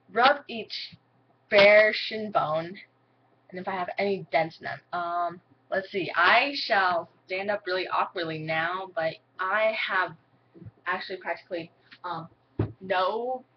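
A woman's voice: medium pitch, slight background noise. Giggly, rambling girl vlogging on a dull mic. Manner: rambling, giggly, heavy use of "like". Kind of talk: casual chat to camera.

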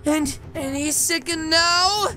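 A woman narrating a role-play game, talking to viewers in an animated, excitable way. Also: extremely high pitch, slow pace.

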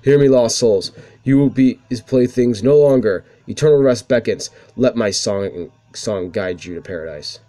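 A man's voice: mid-range voice, moderate pace, dark tone, lightly acted. A man voicing an earnest old male musician who stands against a villain, speaking solemnly as he reads game dialogue.

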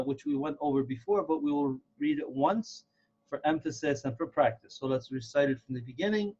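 A man teaching a recitation lesson, explaining step by step and slowly repeating words to model how they are pronounced. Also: fairly high pitch, darkish tone. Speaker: Quran reading teacher. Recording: dull lo-fi audio.

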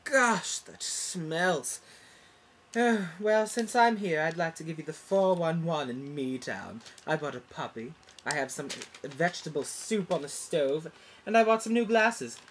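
A woman playing a husky, melodramatic soap diva. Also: deep voice, animated, measured pace, full character voice. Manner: overblown, mock-dramatic delivery. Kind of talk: parody soap opera acting.

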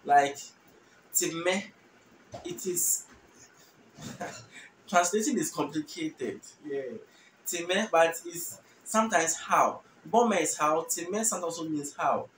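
A Ghanaian man with a slightly higher voice teaches a language lesson very slowly, repeating every phrase. He sounds a little far from the mic, in a roomy space with faint background noise. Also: animated, a bit bright. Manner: slow, repeats each phrase patiently and translates. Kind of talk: relaxed spoken language lesson.

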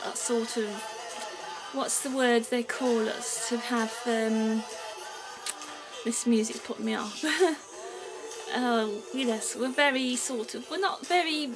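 A woman's voice: on the high side, slow pace, rough recording. A woman with a Brummie accent, chatting to camera in a vlog, rambling, giggling and losing her thread. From England. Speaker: vlogger. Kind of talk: casual chat to camera. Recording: clear music playing behind her.

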